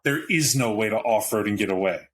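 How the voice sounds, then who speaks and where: A man narrating as game master of a tabletop role-playing game, rambling and animated. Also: fairly low pitch, a little fast, a little hiss or hum, low-quality recording.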